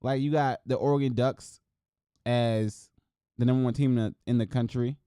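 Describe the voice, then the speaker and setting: A man from Wisconsin hosts his own show alone, tossing out scores and quick opinions in loose slang. His voice sits at an ordinary middle pitch, and the sound is dry and close, with no room around it. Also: clear, resonant tone, dry recording. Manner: loose, excitable, slangy, talks to viewers as y'all. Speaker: host. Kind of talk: casual solo commentary.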